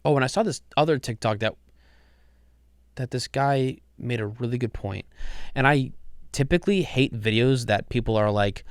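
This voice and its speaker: A man's voice: medium pitch, moderate pace, clean tone, no room sound. A man hosting a casual podcast on a close mic, rambling and swearing casually with lots of restarts. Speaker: podcast host.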